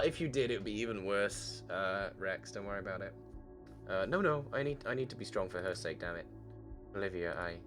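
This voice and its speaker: A man streaming a game, reading a visual novel aloud and breaking off to react, swearing casually. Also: low-pitched.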